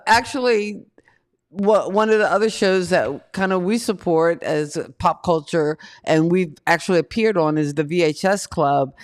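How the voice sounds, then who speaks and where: A man's voice: on the high side, smooth. A man co-hosting a casual podcast chat, reading viewer comments and leading the segments. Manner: relaxed, leads the show segments and reads comments. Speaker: co-host.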